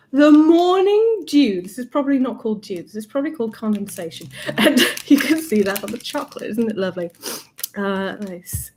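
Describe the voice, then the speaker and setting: A young woman, the host, chatting playfully and softly as she tastes sweets on a livestream at home. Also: on the high side, a little hiss or hum. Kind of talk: live-stream food tasting chat.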